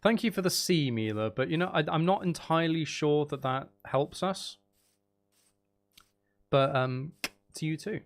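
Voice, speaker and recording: A man's voice: on the high side, animated, unhurried, pauses often. A man streaming a video game, chatting to his viewers in a loose, rambling way. He jokes and mocks himself as he plays. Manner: playful, self-mocking, jokey. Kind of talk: casual chat while live-streaming a video game.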